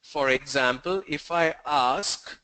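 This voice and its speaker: A man teaching pronunciation, slowly demonstrating sounds with repeated example words. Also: fairly high pitch, pushed and bright, poor audio. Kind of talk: classroom pronunciation lesson.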